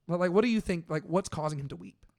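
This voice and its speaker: Young male co-host, higher voice, chatty and animated in a casual scripture discussion. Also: fast. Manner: conversational, uses many "like"s, animated when paraphrasing. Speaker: podcast co-host. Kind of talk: casual Bible study discussion.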